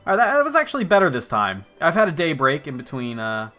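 A man's voice: a little high, huge pitch swings, fast, bright, forceful tone, soft background music. A man hosting a casual let's play, joking around, rambling and swearing freely over the game. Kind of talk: casual gameplay commentary.

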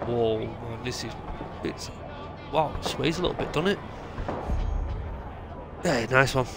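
A man giving excitable, joking live gameplay commentary, swearing a lot. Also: medium pitch, unhurried, over loud music. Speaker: streamer.

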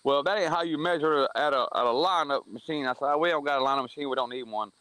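A man's voice: mid-range voice, fast talker, bright, forceful tone, smooth, dry recording, rough recording. A man tells a heated racetrack story in casual podcast chat, acting out the quoted arguments in a blunt, plain-spoken way. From southern United States. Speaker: racing series promoter on a podcast.

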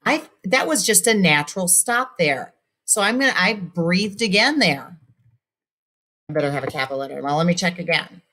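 A woman teacher recording a mini lesson for young students, patiently modeling how to read aloud and pause to breathe. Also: on the low side, animated, fairly bright tone. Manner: clear, patient modeling, reads text aloud with exaggerated breathlessness.

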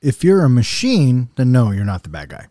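A man co-hosting a casual movie review podcast, relaxed and blunt, swearing now and then. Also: medium pitch, fairly quick, no room sound, studio quality. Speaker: podcast co-host.

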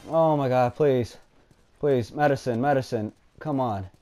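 A man giving let's play commentary, swinging between nervous muttering and loud excited shouting, and swearing a lot. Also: medium pitch, unhurried. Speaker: gaming streamer.

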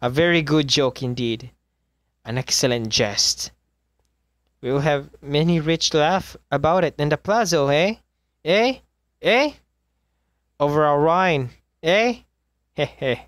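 A man reading a story aloud, voicing a drunken chained nobleman who laughs nervously and yelps high questions. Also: takes it slowly, long pauses, fairly bright tone, dry recording, studio quality. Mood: nervous laughter.

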